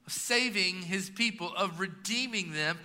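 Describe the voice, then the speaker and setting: Pastor, man in his 30s, sermon delivery, bright and slightly high voice, reverberant sanctuary. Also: unhurried. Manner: preaching with emphatic rising and dropping delivery. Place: church sanctuary. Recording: long reverb of a church hall.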